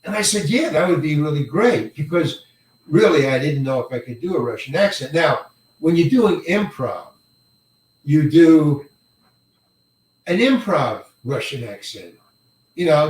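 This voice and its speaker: An older male actor telling a career story in an interview, halting and rambling, often repeating words and chuckling. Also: fairly high pitch, lively intonation, a little mellow. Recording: roomy echo, mic set far away.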